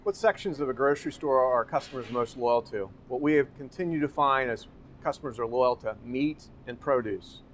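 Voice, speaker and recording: Guiding a walking tour through a grocery store, a real estate company guide explains the layout and poses rhetorical questions as he points things out. His voice sits at medium pitch and moves a little fast, with slight background noise.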